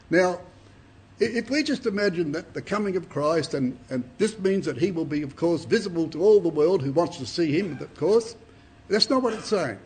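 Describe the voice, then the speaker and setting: A man's voice: sits high, lively intonation, moderate pace, darkish tone, husky. A man preaching a Bible study to a congregation, reading scripture dramatically and asking rhetorical questions.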